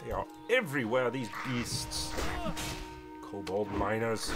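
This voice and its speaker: A man's voice: on the low side, slow, loud music behind the voice. A man voicing a pompous, zealous paladin who hates monsters, speaking in formal old-fashioned phrases as he plays a game. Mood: scornful. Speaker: game player role-playing his character. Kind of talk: in-character role-play over gameplay.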